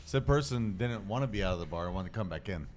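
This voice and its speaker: A man's voice: lowish voice, animated, quick pace, a little mellow. A Midwestern American man hosting a podcast, a rambling storyteller who swears freely in casual comedic chat. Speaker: podcast host.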